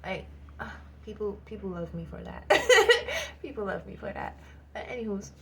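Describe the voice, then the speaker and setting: Animated slangy woman telling a story. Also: mid-range voice, fairly quick, slight background noise. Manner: animated, slangy, swears, laughs a lot. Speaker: vlogger. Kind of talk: casual storytelling to camera.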